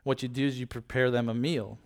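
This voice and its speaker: A man's voice: medium pitch, level tone, fairly quick, a little mellow. A man giving a casual Bible teaching, retelling scripture in everyday words and checking in with listeners. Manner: addresses listeners with frequent "okay?" and "right?". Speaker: preacher.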